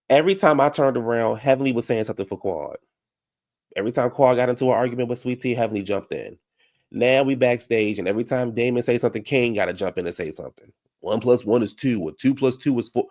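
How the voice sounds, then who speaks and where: A man's voice: medium pitch, fairly quick, darkish tone. A man hosting a casual live recap of a reality show, ranting heatedly and answering viewer comments. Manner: heated, ranting, talks straight to the people on the show.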